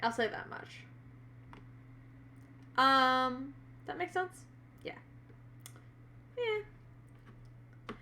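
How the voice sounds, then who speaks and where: Bright-voiced woman game master, full of ums. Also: high voice, very animated, very slow, long pauses. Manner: hesitant, filler-heavy. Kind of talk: live-streamed tabletop game narration.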